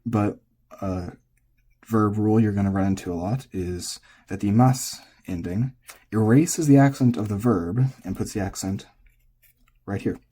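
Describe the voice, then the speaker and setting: An American man with a husky voice, giving a casual spoken lesson on Japanese pitch accent and thinking aloud with hesitant restarts. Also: measured pace, mellow.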